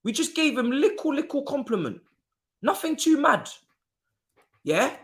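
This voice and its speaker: Animated high-voiced man. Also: unhurried. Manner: animated and exclamatory, slangy, mutters asides to himself. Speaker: streamer. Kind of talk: live football watchalong commentary.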